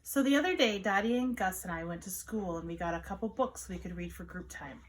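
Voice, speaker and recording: Animated woman reading a picture book. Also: medium pitch, a little fast, rough recording. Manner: animated, sing-song storytelling.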